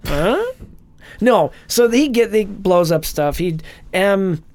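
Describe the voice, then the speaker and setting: A man's voice: high voice, slow, slight background noise. Playful man in casual movie banter. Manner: joking, playful, lively asides. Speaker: podcast co-host. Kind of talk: casual chat about a movie.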